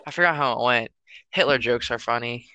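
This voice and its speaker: A young man co-hosts a podcast in loose, joking chat. His voice is bright and forceful, and his talk rambles along on filler words. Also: mid-range voice, a little fast, clear, resonant tone, no echo. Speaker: podcast co-host. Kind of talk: casual chat.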